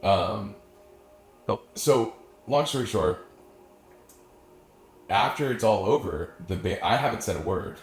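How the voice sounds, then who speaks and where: Faint music plays behind a young adult man with a fairly low, animated voice who speaks slowly and pauses often. He's a musician guest from the Austin area, rambling through a long story in casual chat with frequent swearing and filler words, in an echoey room with faint ambience.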